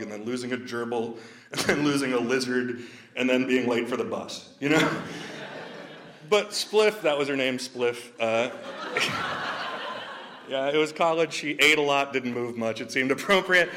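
A man's voice: mid-range voice, moderate pace, a bit bright. A young adult man, a stand-up comedian, telling personal stories to an audience, laughing often and using many fillers. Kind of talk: storytelling talk with jokes.

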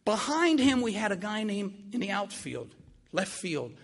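An older man telling a vivid personal story in an animated, repetitive way. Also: high-pitched, unhurried, husky. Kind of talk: spoken storytelling.

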